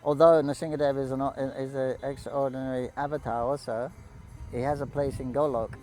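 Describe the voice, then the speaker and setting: A man with a mellow, warm voice recounts devotional stories in a relaxed, halting way. He restarts his sentences often and pauses to cough or clear his throat. Faint music plays behind him. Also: medium pitch, low-quality recording. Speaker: storyteller speaking to pilgrims. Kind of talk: casual devotional storytelling.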